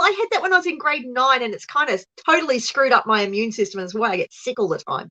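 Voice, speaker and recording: A woman's voice: a little high, expressive, fast talker, hardly any pauses, bright, forceful tone, highs cut off. A woman with an Australian accent, hosting a casual live chat with viewers, giggly and chatty and a little congested from a cold. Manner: giggly, chatty, often laughing. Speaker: host.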